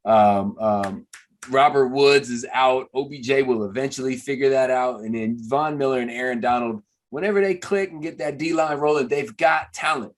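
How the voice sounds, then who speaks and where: A former pro football player co-hosting a podcast, giving confident, plain-spoken analysis. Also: male voice, mid-range voice, normal speed. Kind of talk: casual sports analysis chat.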